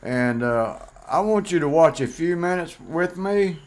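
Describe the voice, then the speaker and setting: A man's voice: fairly high pitch, lively intonation, a little slow. A middle-aged man talking bluntly and plainly in a casual vlog monologue, rambling with fillers. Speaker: vlogger host.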